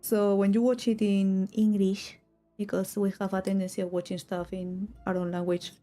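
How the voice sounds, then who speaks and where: Warm and level at a medium pitch and moderate pace, a young woman from Spain chats casually to her stream in English as she draws, faint music in the background. She has a Spanish accent and rambles, often stopping mid-thought with small giggles.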